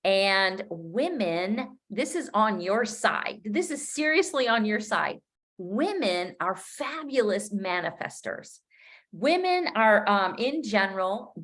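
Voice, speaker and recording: A woman's voice: mid-range voice, a bit bright. Upbeat middle-aged woman coaching live. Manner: chatty and upbeat, laughs at her own slips; loose and unscripted, with frequent fillers and restarts. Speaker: business coach. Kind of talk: live-streamed coaching talk.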